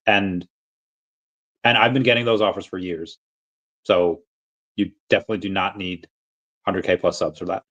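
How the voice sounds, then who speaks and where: A man's voice: deep voice, steady tone, moderate pace, pauses often, a bit bright, lo-fi sound. A man hosting a casual livestream, reading chat in a rambling, self-amused way from an empty basement on a tablet mic. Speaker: livestream host.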